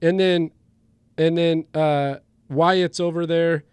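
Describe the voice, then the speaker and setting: Male podcast co-host, higher register, dry sound, animated scene-by-scene storyteller. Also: takes it slowly, smooth, no echo. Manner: animated retelling of scenes, frequent restarts. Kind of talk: casual film discussion.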